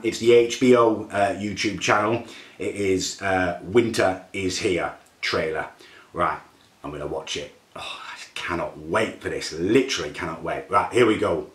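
A man, a vlogger gushing with excitement while reacting to a trailer and swearing casually. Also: low voice. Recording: echoey room with faint music.

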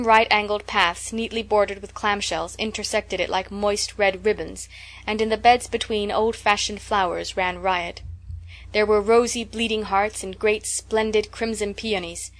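A woman narrating an audiobook of a classic novel in a measured, even reading. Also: medium pitch.

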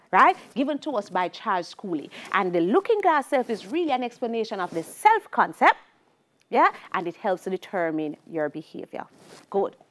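A middle-aged woman with a Jamaican accent gives an exam-prep sociology lecture in a high voice. She keeps it lively, drilling key terms and slipping into patois for classroom stories. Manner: lively, shifts into patois for anecdotes. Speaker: sociology teacher.

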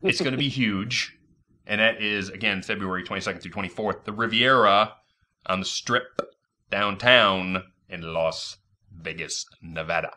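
Bright, enthusiastic male host from Michigan. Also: on the low side. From Michigan, USA. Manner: enthusiastic, fast announcements. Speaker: podcast host. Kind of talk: casual talk-show hosting.

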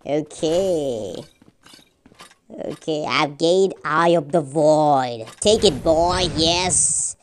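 A woman's voice: low-pitched, drawn-out words, slight background noise. A woman giving rambling casual commentary while playing a game, often correcting her own slips. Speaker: gamer.

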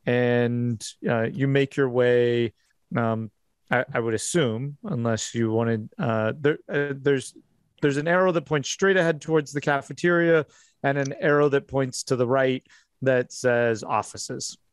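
A man narrating as game master for a tabletop role-playing game, pausing and restarting often. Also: mid-range voice, steady tone, clear, resonant tone, no echo. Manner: hesitant, many restarts.

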